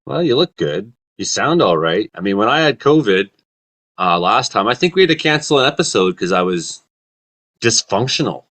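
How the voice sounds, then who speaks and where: A man hosting a comedy talk show, telling rambling deadpan stories in a casual chat. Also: on the low side, normal speed. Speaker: comedy weather show host.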